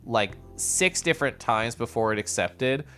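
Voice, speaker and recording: A man streaming a casual chat with viewers, with playful sing-song intonation and drawn-out syllables, sometimes sinking into soft, quiet murmurs. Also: mid-range voice, animated, faint music behind. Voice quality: comfy, distinctive voice. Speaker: livestreamer.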